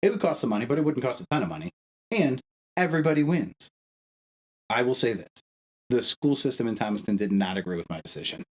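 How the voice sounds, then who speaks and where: A man's voice: lively intonation, quick pace, poor audio. Profane, fired-up man ranting on a podcast. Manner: profane, emphatic, arguing with rising pitch. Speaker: podcast co-host. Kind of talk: heated casual podcast rant.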